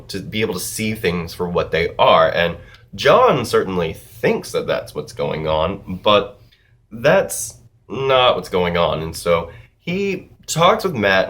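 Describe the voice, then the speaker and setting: A man giving a casual, rambling spoken review of a TV episode, animated and swearing freely. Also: sits low. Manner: animated, profane, rambling with restarts.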